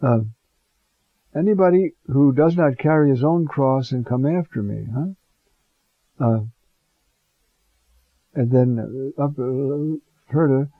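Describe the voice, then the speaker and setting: A priest preaching an informal homily, conversational and digressive, often pausing with fillers and asides. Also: male voice, mid-range voice, dry recording, narrow, tinny audio.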